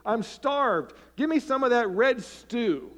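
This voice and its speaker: A man preaching acts out a famished, gruff young hunter who begs loudly and greedily for food. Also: extremely high pitch, animated, slow, voice pushed up, exaggerated voice. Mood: desperate. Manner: loud, pleading, exaggerated hunger.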